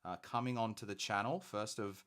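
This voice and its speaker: Deep-voiced Australian man chatting on stream. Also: steady tone, moderate pace, fairly bright tone, slight background noise. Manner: chatty and rambling, thinking aloud with fillers. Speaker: host of a hobby painting stream. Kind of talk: casual live-stream chat.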